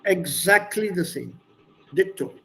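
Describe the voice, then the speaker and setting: Animated, gravelly man teaching a lesson. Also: high voice, measured pace, a little hiss or hum. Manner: animated, explaining, switching between English and German. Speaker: German teacher. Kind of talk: online language lesson.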